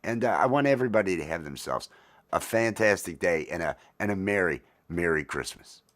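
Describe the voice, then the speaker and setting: A man's voice: sits low, lively intonation, fairly quick, background noise. A middle-aged man hosting a casual morning coffee livestream, rambling and self-deprecating with lots of fillers. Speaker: livestream host.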